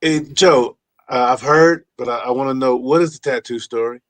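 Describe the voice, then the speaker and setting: A man's voice: medium pitch, no room sound. A man co-hosting a live chat show, talking casually with many restarts and repeated words. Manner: halting, repeats words, laughs easily. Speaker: co-host.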